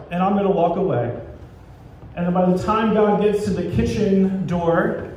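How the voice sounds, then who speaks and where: A man with a high, warm voice delivers a sermon in a church. He retells scripture as lively little scenes, playing God and the people. The recording rings with heavy room echo and faint background noise. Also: normal speed. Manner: storytelling, acting out dialogue between God and people. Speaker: pastor. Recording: echoey church sanctuary with faint ambient noise.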